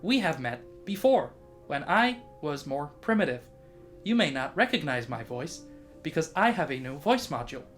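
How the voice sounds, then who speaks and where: A man's voice: fairly high pitch, big pitch swings, moderate pace, a bit bright, faint music behind. A man voicing a courteous, formal male artificial intelligence made by magic, in a tabletop game. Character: polite male magical AI assistant.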